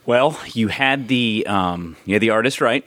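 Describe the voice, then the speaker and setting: A man's voice: lowish voice, moderate pace, a bit bright, no room sound. A man on a team in a casual podcast trivia game, joking and laughing often. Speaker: quiz contestant.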